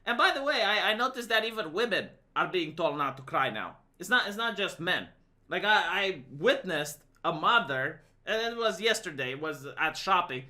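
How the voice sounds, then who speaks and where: A man from Romania runs through a sarcastic opinion rant for his channel, stumbling over repeated words as he goes. His voice is bright and sharp, with a very lively swing in pitch. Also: normal speed. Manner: sarcastic, stammers on restarts. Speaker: streamer and YouTuber. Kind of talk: opinion monologue.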